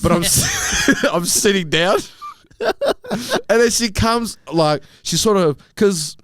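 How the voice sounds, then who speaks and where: A young man telling a story on a podcast, animated and swearing freely. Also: high voice, slow pace, dry recording, studio quality. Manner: animated, swears freely, acts out quoted lines. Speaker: podcast guest. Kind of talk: casual storytelling chat.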